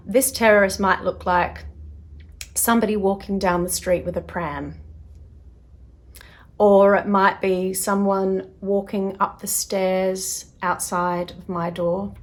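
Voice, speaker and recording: A woman hosting a self-help video, talking casually to camera and acting out little voices as she explains. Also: medium pitch. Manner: chatty, acts out little voices in quotes; drops to a soft, quiet tone at times.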